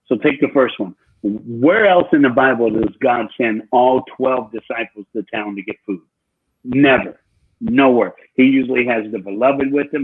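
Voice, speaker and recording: A husky man speaking as a guest preacher, driving his points home by repeating them. His voice comes through a tinny, phone-like call line. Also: mid-range voice. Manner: emphatic, repeats phrases. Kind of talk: preaching storytelling.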